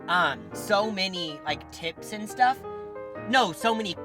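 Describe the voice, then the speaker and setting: Young guy, high bright voice, giggly and animated, reading stories, soft music under it. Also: a little slow. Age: young adult. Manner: giggly, animated storytelling with lots of fillers. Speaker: host reading viewer stories. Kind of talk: casual chat.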